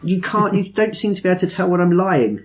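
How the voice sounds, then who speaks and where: A man's voice: high voice, animated, quick pace. A man hosting a podcast, explaining things in an enthusiastic, rambling way with self-mocking asides. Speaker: podcast host. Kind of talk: casual chat among friends.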